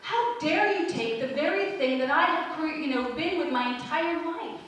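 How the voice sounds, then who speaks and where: A woman's voice: sits high, normal speed, fairly bright tone, a little hiss or hum. Earnest woman host in an echoey room. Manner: earnest, conversational, many "you know" asides. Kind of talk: spiritual talk show monologue. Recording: roomy echo, distant mic, faint ambience.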